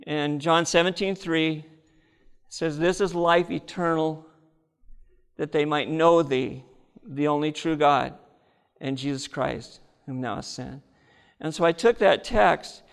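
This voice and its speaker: A man preaches his personal testimony in an earnest, storytelling way, turning often to address the congregation. His voice sits a bit high with a gravelly edge. The sound rings with the long reverb of a large hall. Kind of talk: testimony sermon.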